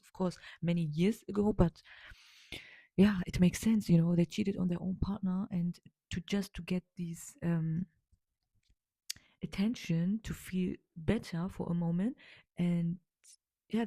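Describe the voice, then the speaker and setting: A woman's voice: lowish voice, mellow, no echo. A woman hosting a solo podcast, speaking as an in a rambling, emphatic way with many fillers and repeated words. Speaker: podcast host. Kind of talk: casual solo podcast monologue.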